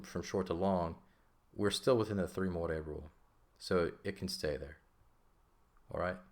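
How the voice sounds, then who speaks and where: In a recorded Greek grammar lesson, a man with a low-sitting voice explains things patiently as he writes, often checking in with "okay?"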